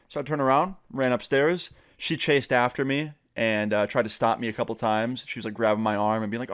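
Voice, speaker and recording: A man's voice: medium pitch, steady tone, fairly quick, hardly any pauses, fairly bright tone, smooth. A young man vlogging a casual storytime, chatty and full of fillers, slipping into the voices of the friends he quotes.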